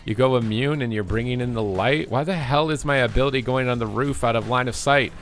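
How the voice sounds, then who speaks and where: A man's voice: mid-range voice, fairly quick, faint music behind. A man rapping playful rhyming commentary over his own game match. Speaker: gamer streamer.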